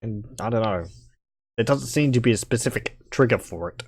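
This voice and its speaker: A man's voice: medium pitch, brisk, slight background noise. A man casually commenting on a strategy game, chatty and rambling, with jokey asides. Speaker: gameplay commentator.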